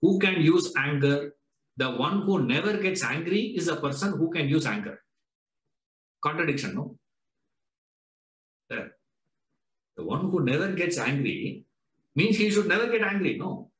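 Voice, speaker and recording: Male Vedanta teacher, Indian English accent, higher-pitched voice, roomy echo, prods the class with rhetorical questions. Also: lively intonation, unhurried, pauses often, a bit bright. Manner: questioning, rhetorical, drills students with "no?" and "huh?". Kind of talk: classroom lecture. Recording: echoey lecture room.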